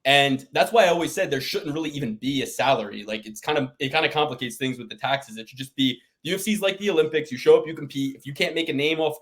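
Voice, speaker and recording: A man's voice: a little high, fast talker, few pauses, fairly bright tone. A man co-hosting a podcast, rambling in a casual chat and swearing often as he rants. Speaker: podcast co-host.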